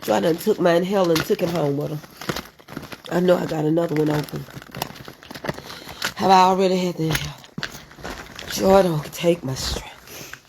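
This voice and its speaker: A woman's voice: fairly low pitch, moderate pace, creaky, long pauses, noisy background. A woman hosting a casual live stream, chatting straight to her viewers and answering their comments. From United States. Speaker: livestream host reading viewer comments.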